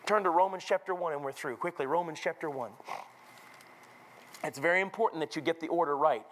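A visiting preacher from North Carolina, a man with a high voice for his sex, delivers a revival sermon in a church sanctuary. He drops to near-whispers and then climbs to shouted peaks. He acts out the people he quotes with plenty of drama. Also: fairly quick, a little hiss or hum, rough recording. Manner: swings from low murmurs to shouted peaks.

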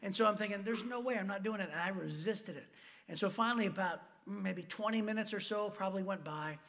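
A man from Michigan preaching a sermon as pastor, telling lively personal stories with asides and quoted voices. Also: sits high, brisk.

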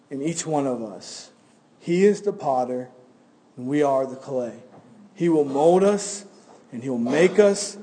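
Earnest male pastor, high-pitched, preaching at a church service. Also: warm tone. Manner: earnest, repeats words when starting phrases. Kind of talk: sermon.

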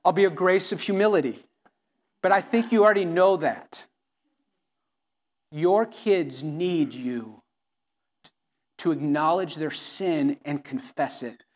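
Earnest higher-voiced male pastor preaching. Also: slow pace, long pauses. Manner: earnest, pleading, with many restarts. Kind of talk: sermon.

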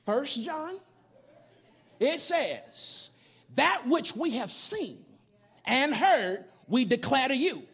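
A man preaching, casual and full of stories. His voice sits high and swoops widely. He builds to shouted lines. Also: very animated, slow, pauses often, slightly rough. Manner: casual, everyday speech. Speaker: pastor. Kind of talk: sermon.

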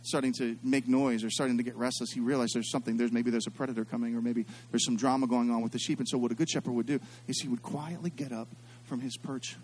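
A middle-aged man preaching a sermon as a pastor, telling stories and swinging between quiet, hushed passages and loud, excited ones. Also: medium pitch, fast talker, a little hiss or hum.

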